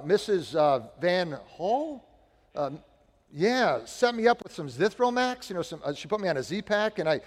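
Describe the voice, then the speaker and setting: Guest preacher from Chicago, a high-voiced man, chatty storyteller, booming church reverb. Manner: chatty, self-deprecating storytelling, lively swings in loudness. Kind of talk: sermon opening with personal stories. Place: church sanctuary. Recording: long hall reverb.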